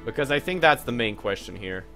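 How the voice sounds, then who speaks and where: Young guy live streaming a game, mid pitched voice, loose and jokey, swears a lot, faint music under it. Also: expressive, fairly quick, bright, forceful tone. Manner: loose and joking, swears, many fillers. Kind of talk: casual live-stream commentary.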